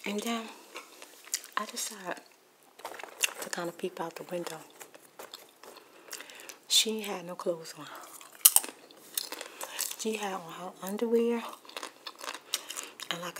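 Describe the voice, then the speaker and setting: A woman speaks slowly, with long pauses, in a mid-range voice during a whispered ASMR storytime. Munching popcorn close to the mic, she rambles through gossip about a neighbor, moving between whispering and soft talk over background noise.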